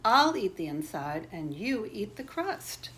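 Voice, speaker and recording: An older woman voicing a stubborn yellow noodle boy in a children's storybook, with a high, emphatic voice. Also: very animated, measured pace, slight background noise.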